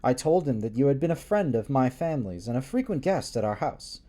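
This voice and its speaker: A man's voice: medium pitch, big pitch swings, fairly quick, dark tone. A man reading a gothic novella aloud on a livestream, playful and prone to swearing asides and giggling breaks. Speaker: reader streaming a book reading.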